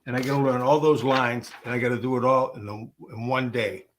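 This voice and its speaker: A man's voice: medium pitch, steady tone, brisk, a little hiss or hum. Rambling man swapping showbiz stories. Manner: rambling, with many fillers and restarts. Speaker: actor guest. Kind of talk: casual anecdotal storytelling.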